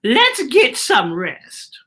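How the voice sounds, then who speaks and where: A woman voicing a kind, gentle grown woman in a picture book, speaking softly and slowly. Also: fairly high pitch, wildly swooping pitch, pitched above the performer's own voice, exaggerated voice.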